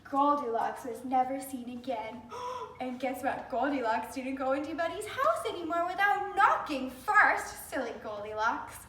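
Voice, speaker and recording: A woman reading a storybook aloud to children, animated and addressing them directly, recorded in a roomy space away from the mic. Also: high voice, moderate pace, hardly any pauses. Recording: roomy, from a distance.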